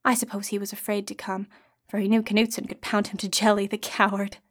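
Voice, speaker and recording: A woman's voice: medium pitch, level tone, brisk, lightly acted. A woman reading the lines of a vain, hot-tempered young woman in a storybook tale. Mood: scornful. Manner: sharp, scornful, then pleading.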